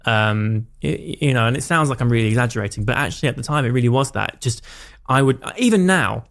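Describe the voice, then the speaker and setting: A man, a podcast guest talking candidly and reflectively, with many fillers and quick asides. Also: medium pitch, lively intonation, creaky, fairly bright tone. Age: 30s. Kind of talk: casual conversational interview.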